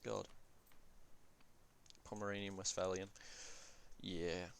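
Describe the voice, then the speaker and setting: A man's voice: sits low, level tone, slow, vocal fry, a little hiss or hum. A man giving casual commentary on a strategy game, thinking aloud and often correcting himself mid-sentence with fillers. He talks in an offhand, blunt way and swears now and then.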